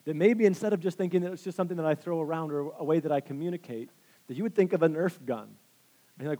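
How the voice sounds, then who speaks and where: A man preaching a sermon, telling personal stories with lively, self-deprecating humor and frequent restarts. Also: a little high, fast talker. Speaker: pastor.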